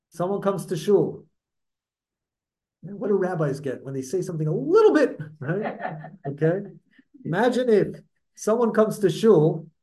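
A man with a notably high voice gives a Torah class, speaking. He lectures in an animated way, stalling on repeated words before pressing his point. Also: rough recording. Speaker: Torah teacher.

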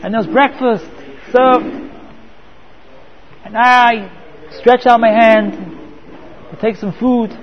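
A man's voice: very high voice, fairly even intonation, slow pace, long pauses, dull audio. A man teaching a Torah class, often repeating words and mixing in Hebrew terms.

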